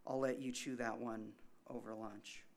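A man preaching a sermon in a conversational way, asking rhetorical questions and swinging between soft asides and loud emphasis. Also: mid-range voice, little pitch movement, unhurried, creaky, a little hiss or hum. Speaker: pastor.

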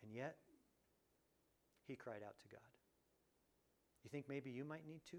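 A pastor preaches an animated sermon in a creaky, mid-range voice at a measured pace, with long pauses. He swings between loud exclamations and hushed lines and acts out quoted voices.

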